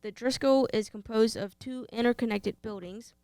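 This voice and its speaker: Texan woman, podcast co-host, playful fact-reader, higher smooth voice. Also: normal speed, dark tone, no room sound. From Texas. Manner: playful, reads facts then banters. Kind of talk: casual chat.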